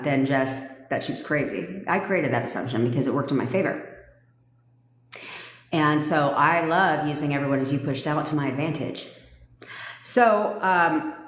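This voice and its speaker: Brash, profane woman with a low voice. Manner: laughs often while telling the story. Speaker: manifestation coach. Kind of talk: casual livestream talk. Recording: echoey room with long reverb.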